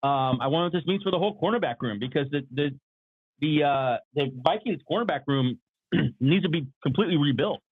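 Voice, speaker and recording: Man, casual sports chat, a bit hoarse, throat-clearing, slightly high voice, phone-like sound. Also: lively intonation, fairly quick, no echo. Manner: restarts, clears his throat often. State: slightly losing his voice. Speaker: podcast co-host. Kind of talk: casual sports talk livestream.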